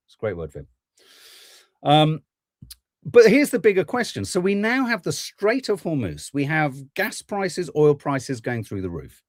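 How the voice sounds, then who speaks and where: A man's voice: medium pitch, sing-song, normal speed, no echo, studio quality. A man hosting a podcast, ranting through political commentary with plenty of swearing. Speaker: podcast host.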